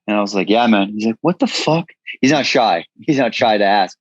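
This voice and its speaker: Blunt male interview guest, low voice, dry slightly muffled recording. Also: brisk, no room sound. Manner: frank, casual, swears freely. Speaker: guest, entrepreneur. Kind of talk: candid storytelling interview.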